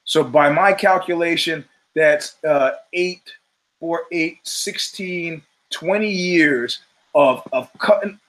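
A middle-aged man talks through a loose monologue on his own show, with a voice that sits a little high. He swears freely and slips into the voices of the people in his stories. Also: takes it slowly, fairly bright tone, poor audio. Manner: profane, storytelling, acts out quoted voices. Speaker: show host. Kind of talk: casual monologue.

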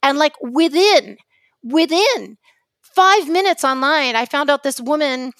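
Heated New York woman co-host, high and bright voice, close dry mic, rambling storyteller. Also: animated, a little slow, no echo. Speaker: podcast co-host, journalist. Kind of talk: casual podcast chat.

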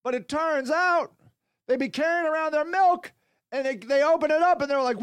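A man's voice: very high-pitched, normal speed, fairly bright tone, no room sound. A man hosting his own podcast, delivering a rambling, profane comedic rant and acting out mock back-and-forth dialogues. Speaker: podcast host.

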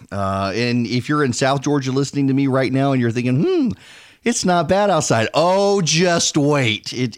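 A man's voice: mid-range voice, no echo, studio quality. A man hosting a talk radio show, sarcastic and argumentative, often restarting his sentences. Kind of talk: opinionated talk radio monologue.

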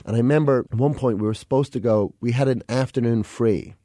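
A man's voice: medium pitch, fast talker, warm tone, dry recording. A man from England, a comedian guest, telling rambling self-mocking stories in a casual podcast interview. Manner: rambling, self-mocking anecdotes with frequent laughs.

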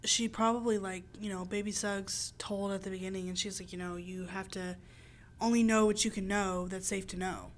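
A woman's voice: medium pitch, fairly even intonation, moderate pace. A young woman co-hosting a casual podcast, ranting animatedly about books and films with exaggerated quoted reactions. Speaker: podcast co-host. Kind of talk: casual chat.

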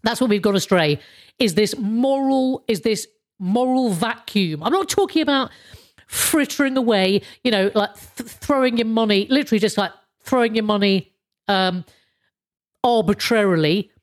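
British woman, podcast host, rambling chatty monologue, chuckles and swears, slightly high-pitched. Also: normal speed. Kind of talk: casual monologue.

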